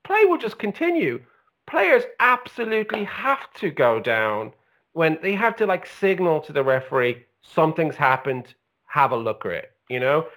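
A man in a casual football chat, ranting hard and swearing freely. His voice sits a bit high and swings widely in pitch as he gets worked up. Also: animated, moderate pace, a bit bright. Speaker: podcast co-host.

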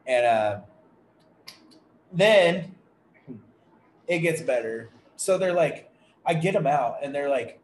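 This man's voice is on the high side and animated, moving at a slow pace with frequent pauses. As a podcast co-host, he works through a lengthy, frustrated, profanity-filled story in casual chat, recorded in an echoey room with faint background noise.

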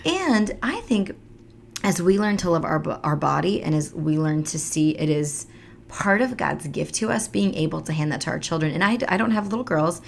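Woman, 30s, podcast co-host, expressive and swoopy, slight fry. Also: moderate pace, a little hiss or hum. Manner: animated, acts out quoted voices with big pitch jumps. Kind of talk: faith-based casual conversation.

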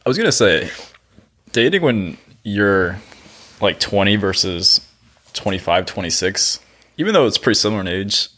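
A man hosting a casual podcast, reacting with relaxed amusement and the odd swear. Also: lowish voice, normal speed. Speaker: podcast host. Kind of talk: casual chat.

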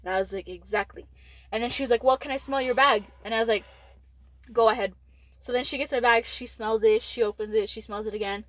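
A woman's voice: a little high, fairly even intonation, a little fast, no room sound, rough recording. A teenage girl from Texas telling a school story in casual chat, rambling with lots of "like" and frequent swearing. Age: late teens. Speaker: podcast co-host.

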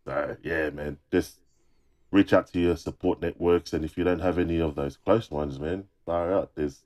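Chill low-voiced guy on a podcast, earnest, keeps saying man and bro. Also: fairly even intonation, moderate pace, darkish tone. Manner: earnest, laid-back, says "man" and "bro" a lot. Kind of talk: casual chat.

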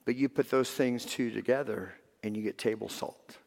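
A male pastor preaching a sermon, swinging between loud emphatic lines and soft hushed ones. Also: medium pitch, steady tone, moderate pace, vocal fry. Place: church sanctuary. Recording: long reverb of a large hall.

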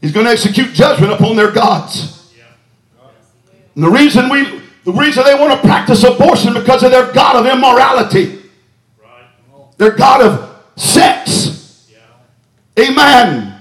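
Preacher guy hollering a revival sermon, real high voice, lots of uh and hallelujah, echoey church. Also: lively intonation, measured pace, long pauses. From Texas. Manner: fervent shouted preaching with frequent "uh" and "hallelujah". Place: church sanctuary.

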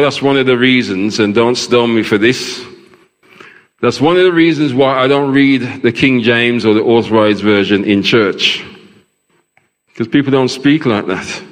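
A man delivering a sermon at a measured, unhurried pace, often turning to the congregation with questions. His voice carries a long reverb from a large church hall. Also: mid-range voice. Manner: preaching, asks the congregation questions. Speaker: pastor.

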